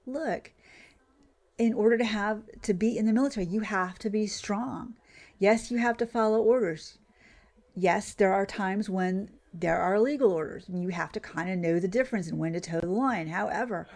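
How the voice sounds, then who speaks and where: Woman streamer, chatty ranter who trails off mid-thought, mid-range voice. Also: darkish tone. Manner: ranting, loses her train of thought, mimics others in a higher voice. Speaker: gaming streamer. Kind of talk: casual rant while playing.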